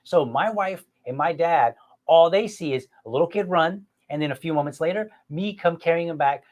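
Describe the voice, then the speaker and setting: A middle-aged man hosting a podcast, telling a family story in an animated, self-mocking way and talking straight to his listeners. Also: a little high, normal speed. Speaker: podcast host. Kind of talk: casual storytelling chat.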